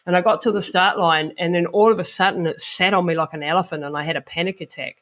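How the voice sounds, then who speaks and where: A middle-aged woman with a New Zealand accent talks as an interview guest, telling stories frankly and earthily. She is animated, slipping into the voices in her head as she goes. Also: on the low side, fast talker. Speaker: guest, ultra endurance athlete. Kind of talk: casual interview storytelling.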